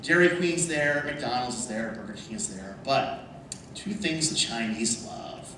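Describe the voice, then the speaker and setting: Man, convention panel storyteller, lively pitch, laughing asides, echoey hall from far off. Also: unhurried, noisy background. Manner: animated anecdotes, laughing.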